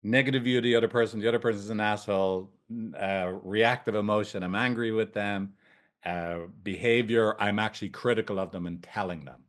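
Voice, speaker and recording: A man's voice: lowish voice, steady tone, fairly quick. A man, a couples therapist and trainer, teaching in a casual, blunt way, swearing freely and often checking in with "right?". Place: training room with whiteboard.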